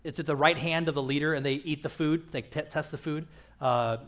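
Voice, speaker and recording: A man's voice: a little high, fairly even intonation, brisk, a bit bright. A man preaching a conversational sermon as pastor, joking and often checking in with the crowd by asking "right?". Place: church auditorium.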